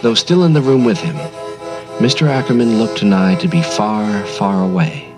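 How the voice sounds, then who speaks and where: A man narrating a radio story in a measured, expressive manner. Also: fairly low pitch, over music. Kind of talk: scripted narration.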